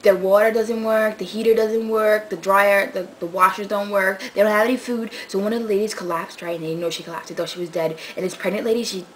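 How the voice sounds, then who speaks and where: A young woman rambles through a story for her vlog, excitable and full of fillers. She bursts out loudly, then drops to a mutter. Her pitch sits in the middle of a woman's range, and a faint hiss of noise runs behind her. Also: fast talker, hardly any pauses, rough recording. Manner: swings from loud outbursts to muttered asides. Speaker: vlogger. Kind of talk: casual vlog chat.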